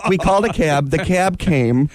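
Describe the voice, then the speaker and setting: A man telling a comic travel story in a casual chat, animated and excitable, often mimicking other people's voices. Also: on the high side, normal speed. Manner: self-described impatient, excitable.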